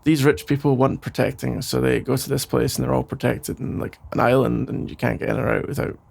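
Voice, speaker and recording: Brief: gravelly, husky rambling boyfriend, played by a man, soft sleepy whispered role-play. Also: mid-range voice, fairly even intonation, fairly quick. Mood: teasing. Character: caring, rambling boyfriend putting partner to bed. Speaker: ASMR role-play creator.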